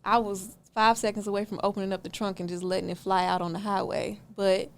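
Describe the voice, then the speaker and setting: A woman, a podcast guest telling a story in a punchy, slangy, animated way. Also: mid-range voice, slight background noise. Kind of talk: casual storytelling.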